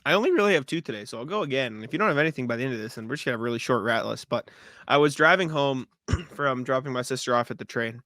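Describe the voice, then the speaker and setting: Bright-voiced man telling a story. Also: mid-range voice, racing, no room sound. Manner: animated storytelling, swears freely, laughs often. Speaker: podcast co-host. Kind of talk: casual sports podcast chat.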